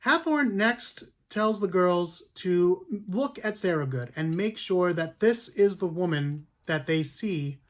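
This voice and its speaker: A man's voice: high voice, expressive, slow, few pauses. A man hosting a history podcast, telling a story casually with lots of fillers and restarts. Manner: chatty, many fillers and restarts.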